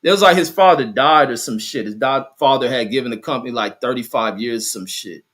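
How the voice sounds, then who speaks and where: A man's voice: mid-range voice, brisk, a bit bright. A man from Los Angeles hosting a podcast in casual chat, swearing and loose in his talk. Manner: profane, loose and laughing. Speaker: podcast host.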